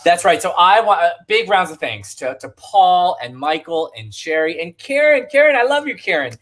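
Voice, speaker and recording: Upbeat co-host man, slightly high voice. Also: sing-song, normal speed, a bit bright. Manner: upbeat, pitches tips and thanks supporters. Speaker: bingo show co-host. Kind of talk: casual livestream chat.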